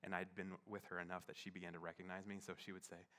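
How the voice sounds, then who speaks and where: A young man preaching through a personal story, his voice lower than most and bright at the edges. He halts and circles back with many fillers, then drops into a hushed, tender hush. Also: flat delivery. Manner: halting, many fillers, shifts from playful to hushed and tearful. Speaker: pastor. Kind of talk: sermon storytelling.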